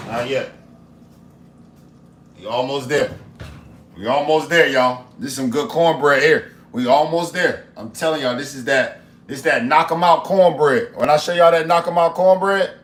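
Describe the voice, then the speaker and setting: A man's voice: fairly high pitch, a bit bright. A man cooking live and talking to his chat in an upbeat, preachy way, repeating his phrases. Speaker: cooking and motivation streamer. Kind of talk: casual live-stream talk while cooking. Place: home kitchen. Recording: roomy kitchen with faint ambience.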